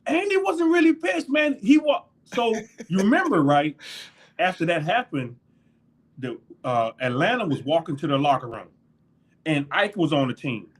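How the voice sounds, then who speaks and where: In a husky, fairly high-pitched voice at normal speed, a middle-aged former NFL linebacker spins locker-room stories in a casual interview, often laughing and acting out others' lines with animation.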